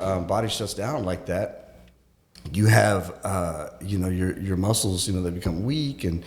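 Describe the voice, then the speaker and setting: Male guest, lowish voice, halting conversational storyteller, echoey room. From Texas. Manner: halting, with many restarts and fillers, acts out quoted voices. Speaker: guest, former teacher. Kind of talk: casual storytelling in an interview.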